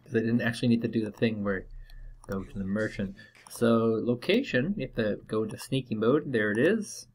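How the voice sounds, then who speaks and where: A man's voice: fairly low pitch, moderate pace. A young man hosting casual game commentary, laid-back and rambling with many fillers. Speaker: gaming channel host.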